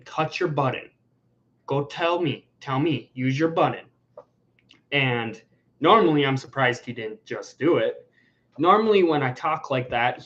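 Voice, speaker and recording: A man's voice: mid-range voice, a bit bright. Rambling man on a dull lo-fi stream. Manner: rambling, restarts and repeats words. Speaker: livestream host. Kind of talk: casual livestream chat. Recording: dull lo-fi sound.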